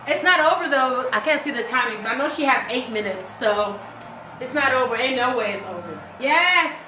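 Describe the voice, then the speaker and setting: Chatty woman host, bright voice, live reaction commentary; roomy echo, light music under. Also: sits high, lively intonation, moderate pace. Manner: chatty, exclamatory, sings along.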